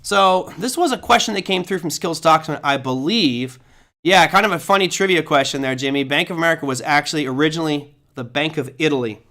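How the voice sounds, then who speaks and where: A man's voice: a little high, fast, bright, forceful tone. A man hosting a live trading show, giving casual, chatty market commentary and talking to viewers like buddies.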